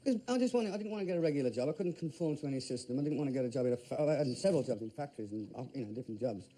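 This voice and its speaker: A man's voice: mid-range voice, lively intonation, rapid-fire, dark tone. A man, a veteran rock singer talking candidly in a documentary interview. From Birmingham, England. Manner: rambling, candid, lists things off.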